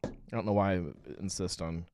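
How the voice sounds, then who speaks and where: A man's voice: low voice, fairly even intonation, fairly quick, noisy background. A man hosting a casual live beer-tasting stream, rambling with many fillers and reading viewer comments aloud. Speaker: livestream host.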